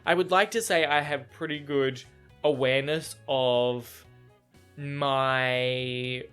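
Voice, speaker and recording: A man's voice: a little high, a bit bright. A young man reacting to a novel in a casual reading vlog, swearing freely and rambling in exasperation. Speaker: book reaction vlogger.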